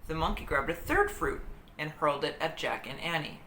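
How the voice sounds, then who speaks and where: A woman reading a children's book aloud in an expressive, dramatic storytelling manner. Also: sits low, a little fast. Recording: roomy echo with faint hiss.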